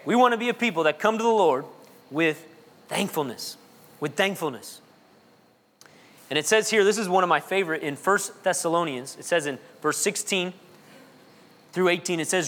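A man preaching a sermon as pastor, his voice swinging between loud high peaks and low quiet asides. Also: lively intonation, moderate pace, pauses often. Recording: long reverb of a large hall.

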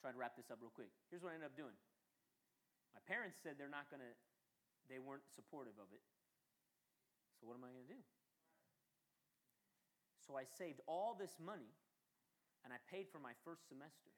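A man preaching a sermon and telling a personal testimony, who swings from quiet and low to loud and high when he acts out his younger self. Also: expressive, normal speed, long pauses.

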